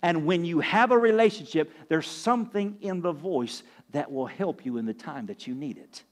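A man pastor preaching a sermon, swinging between loud and soft, asking the congregation questions. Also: expressive, normal speed. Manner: preaching with sweeping swings in pitch and loudness.

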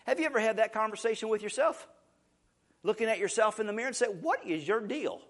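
Male pastor, high voice, preaching, repeats himself for emphasis, shifts from hushed to loud. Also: fast. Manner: repeats words while building emphasis. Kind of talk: sermon.

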